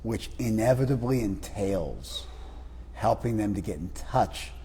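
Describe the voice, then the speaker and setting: A man's voice: fairly low pitch, measured pace, slight background noise. A man leading a class discussion, teasing his students and acting out the voices of people he describes. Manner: teasing, animated, acts out quoted voices. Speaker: spiritual teacher leading a class. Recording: room recording with long reverb.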